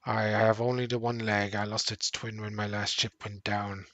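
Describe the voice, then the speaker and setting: A gruff old pirate with one leg, rolling out his slang in a low, unhurried growl, as a streamer puts him on. The voice has a gravelly crackle at the bottom and a dry, close sound. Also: flat delivery, a bit bright, dry recording, dull audio.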